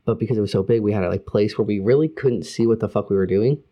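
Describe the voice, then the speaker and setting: A man co-hosting a casual online show, swearing freely and grumbling about slow tech while chatting through news. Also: lowish voice, highs cut off. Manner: profane, animated, grumbling. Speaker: podcast co-host. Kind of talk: casual chat.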